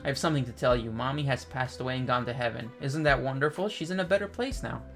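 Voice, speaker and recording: A man reading out the lines of a grieving, gentle captive father from a comic. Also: mid-range voice, quick pace, soft background music, natural voice.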